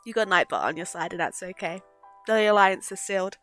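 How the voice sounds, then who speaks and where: A woman's voice: lowish voice, expressive, brisk, a bit bright. A young woman streaming live, chatting casually and giggling often between sweary asides. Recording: faint background music.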